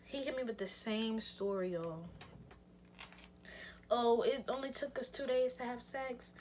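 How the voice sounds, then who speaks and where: A young woman vlogger telling a personal story in an animated, slangy way, speaking straight to her viewers and swinging between loud outbursts and hushed near-whispers. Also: fairly high pitch, measured pace, slight background noise. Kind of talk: casual storytime vlog.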